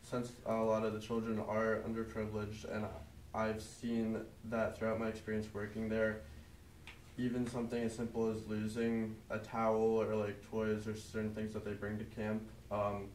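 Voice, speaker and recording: A man's voice: fairly low pitch, completely flat delivery, normal speed, darkish tone, slight background noise. A young man, an Eagle Scout honoree, explaining his project earnestly with frequent ums. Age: young adult. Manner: earnest, hesitant with many ums. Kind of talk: prepared public remarks. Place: large public meeting room. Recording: echoey, distant meeting room.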